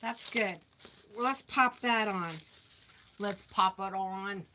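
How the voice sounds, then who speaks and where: A woman's voice: medium pitch, slow, bright, forceful tone, a little hiss or hum. A middle-aged woman hosting a crafting livestream, chatting casually and talking to herself as she works. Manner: chatty, talks to herself while working. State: overheated, having a hot flash.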